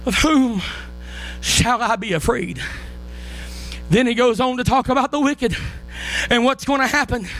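A man with a very high, bright voice preaches. He moves between steady storytelling and fervent, shouted exhortation. Music plays softly behind him. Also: measured pace, long pauses. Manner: impassioned, rises to shouting and crying out. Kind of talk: sermon.

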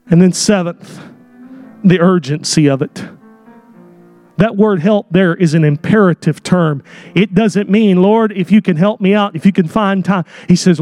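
A man preaching a sermon in a church, speaking in an emphatic, impassioned way that swells into shouts, with direct, folksy wording. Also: sits high, unhurried, faint music behind. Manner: folksy, direct, with casual slang. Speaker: pastor. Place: church sanctuary.

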